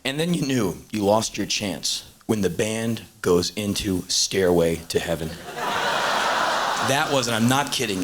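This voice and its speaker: A man in his thirties performs stand-up storytelling in front of an audience, stretching one funny story out at length. He lurches from bellowed punchlines to mumbled side comments. The sound comes from a low-quality, hissy VHS recording of the show.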